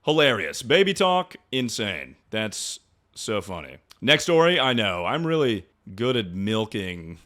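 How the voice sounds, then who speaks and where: A man's voice: on the low side, a bit bright. A young man streaming, riffing on viewer stories in crude, rambling casual chat. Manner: rambling, joking, trails off into mumbles.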